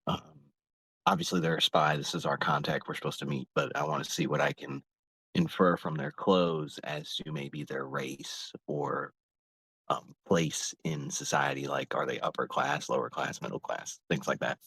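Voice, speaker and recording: A man's voice: very deep voice, little pitch movement, moderate pace, gravelly, a bit bright, husky, low-quality recording. A man playing in a tabletop game, asking the game master questions in a hesitant way, thinking aloud. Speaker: player. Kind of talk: casual chat at a game table.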